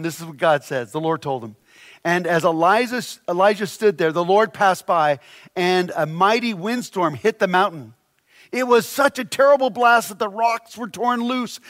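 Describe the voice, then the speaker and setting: High-voiced, animated man preaching. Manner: animated, humorous, acts out voices of people. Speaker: pastor. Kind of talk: sermon.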